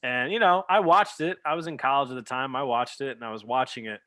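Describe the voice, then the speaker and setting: A man's voice: mid-range voice, fast talker, dry recording. A man, hosting a podcast and swapping stories about his father in casual chat. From New York. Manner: lively, swears casually, laughs loudly. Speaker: podcast host.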